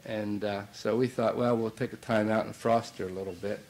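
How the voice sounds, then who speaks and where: Speaking a little fast with fairly even intonation, a middle-aged basketball coach rambles through a lengthy banquet story, stumbling over fillers and restarts. The voice is fairly low and a little mellow, and the rough recording carries slight background noise.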